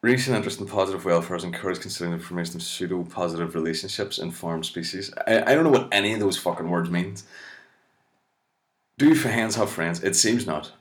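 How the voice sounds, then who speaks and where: A comedian reading web articles aloud with exasperated, sweary, mocking asides. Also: male voice, sits low.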